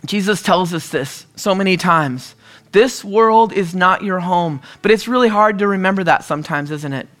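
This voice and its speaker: A male pastor with a high, bright, ringing voice delivers a conversational sermon. He tells stories and stops now and then to clear his throat, with soft music playing underneath. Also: normal speed. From US Northwest. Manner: storytelling, conversational preaching with frequent throat-clearing.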